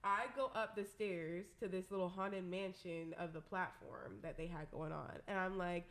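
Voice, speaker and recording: A young woman co-hosting a podcast, telling a story in casual chat, animated and profane, acting out what people said. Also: medium pitch, measured pace. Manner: animated, profane, acts out quotes. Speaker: podcast co-host.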